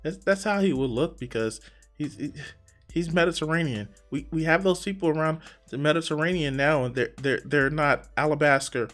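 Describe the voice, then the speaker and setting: A man's voice: on the high side, moderate pace, a bit bright, faint music behind. A man hosting a reaction commentary, exasperated and profane, who stammers and restarts his sentences. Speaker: reaction video host.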